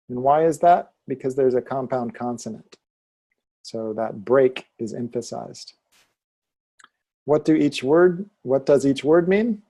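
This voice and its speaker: A man teaching yoga philosophy and Sanskrit pronunciation in a calm, deliberate way, leading students to repeat after him. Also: mid-range voice, breathy edge. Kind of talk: slow, calm teaching with call-and-repeat chanting.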